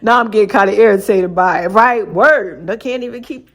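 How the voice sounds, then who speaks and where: A woman's voice: medium pitch, a little fast. A woman hosting her own podcast, talking loosely in slang, laughing often and acting out voices as she tells stories. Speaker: podcast host. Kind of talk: casual solo podcast monologue.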